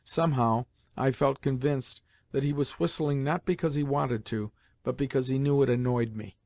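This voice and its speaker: A man narrating a classic novel in a measured, even storytelling manner. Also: mid-range voice, no echo. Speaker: audiobook narrator. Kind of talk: scripted narration.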